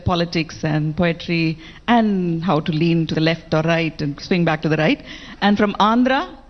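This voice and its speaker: Confident female panelist listing her points; muffled sound. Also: lowish voice.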